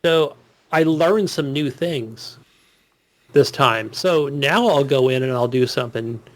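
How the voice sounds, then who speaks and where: A man's voice: mid-range voice, takes it slowly. A man co-hosting a gaming podcast, chatting casually in a rambling, profane way. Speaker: podcast co-host.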